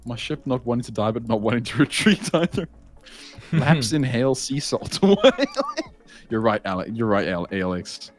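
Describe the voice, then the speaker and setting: A man casting a tournament match live in casual commentary, excitable, laughing often and reading chat aloud. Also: lowish voice, quick pace, hardly any pauses, soft background music. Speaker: esports caster.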